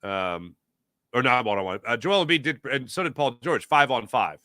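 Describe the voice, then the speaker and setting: A man hosting a casual sports talk show, talking emphatically and answering live chat with quick asides. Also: medium pitch, animated, bright, forceful tone, dry recording, clean studio sound.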